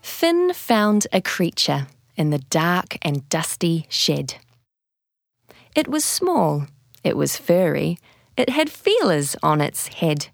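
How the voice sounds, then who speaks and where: A woman reads a children's picture book aloud at an unhurried pace. Her pitch rises and falls with lots of expression. The recording is close and dry. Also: gravelly, no room sound. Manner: slow, expressive storytelling. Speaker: narrator.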